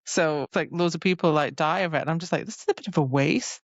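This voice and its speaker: A woman's voice: low voice, fast talker, no room sound. A woman co-hosting a casual book-club podcast, chatting about a novel and filling her retelling with "like". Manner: chatty, retells scenes with lots of "like". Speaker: podcast co-host. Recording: dull lo-fi sound.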